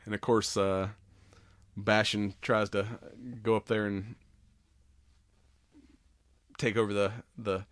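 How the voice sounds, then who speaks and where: A man's voice: fairly low pitch, little pitch movement, slow pace, pauses often, dry recording. A man hosting a podcast, animatedly retelling a story with plenty of swearing. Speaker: podcast host. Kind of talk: casual chat.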